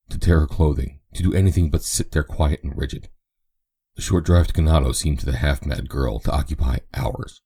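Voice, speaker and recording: A man narrating a novel as an audiobook in a steady, even reading. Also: rumbling low, slightly rough. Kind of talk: scripted narration.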